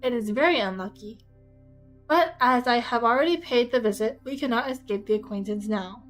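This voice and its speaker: A woman voicing a dry, teasing older gentleman, speaking in a wry, unhurried way. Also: a little high, soft background music, lightly acted, rough recording.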